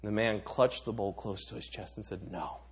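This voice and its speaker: Husky-voiced man telling a parable. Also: fairly low pitch, steady tone, normal speed. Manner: dramatic storytelling with stammered restarts. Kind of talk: sermon storytelling.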